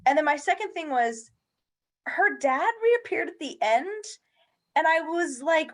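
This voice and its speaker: A woman at a video-call book club asks her questions hesitantly, stopping and restarting as she looks for the right words. Her voice sits a little high for a woman. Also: lively intonation, measured pace, fairly bright tone. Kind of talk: casual video call discussion.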